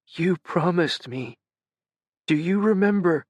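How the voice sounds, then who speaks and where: A man doing a dying young man, faint and halting. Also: high-pitched, lively intonation, no echo, pitched above the performer's own voice, exaggerated voice. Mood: pleading. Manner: faint, halting, near a whisper. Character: dying young man, gentle, slurring, tender. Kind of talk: audiobook character reading.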